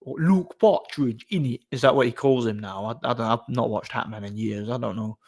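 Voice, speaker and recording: A man's voice: medium pitch, steady tone, quick pace. A man hosting a casual livestream, rambling through stories with chuckles and frequent restarts. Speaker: livestream host.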